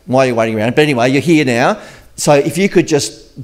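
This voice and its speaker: A man's voice: mid-range voice, natural voice. A man doing a pushy, self-important king. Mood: impatient. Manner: brisk, pushy. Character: impatient self-important ancient male king.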